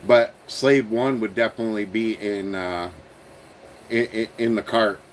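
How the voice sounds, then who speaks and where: A man's voice: fairly low pitch, steady tone, measured pace, slight background noise, poor audio. A man with an Ontario Canadian accent, hosting a casual livestream. He rambles, chuckles at himself and trails off into mumbles while answering viewers. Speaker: host of a toy-building channel.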